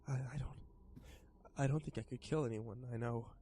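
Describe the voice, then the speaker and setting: A man's voice: mid-range voice, fairly even intonation, normal speed, background noise, natural voice. A timid, bullied teenage boy, read by a man in a horror story. He stammers and repeats himself, speaking in a small, hesitant voice. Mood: scared.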